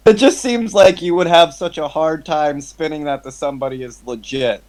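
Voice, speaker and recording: A man's voice: fairly high pitch, normal speed, a little mellow, low-quality recording. A man hosting a casual satirical chat, incredulous and often laughing, with some swearing. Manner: incredulous, laughing, sometimes profane.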